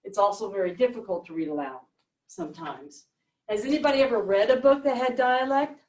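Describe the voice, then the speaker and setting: Speaking fairly quickly in a mid-range, slightly mellow voice, a woman teacher walks her class through a reading lesson step by step and asks them questions. It's recorded from afar in a classroom with plenty of echo.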